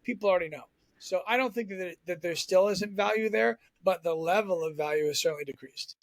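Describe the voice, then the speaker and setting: A man from Southern Maine, a former TV sports reporter, telling stories as a podcast guest in an animated, chatty way. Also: sits high, vocal fry, dry recording. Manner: animated storyteller, quick and chatty. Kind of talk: casual podcast storytelling.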